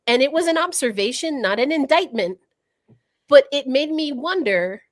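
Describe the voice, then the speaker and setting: A woman's voice: on the high side, no room sound. A woman co-hosting a casual livestream discussion, talking in a thoughtful, reflective way, often restarting her sentences as she works through ideas. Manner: thoughtful, thinking out loud with many restarts. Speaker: podcast co-host.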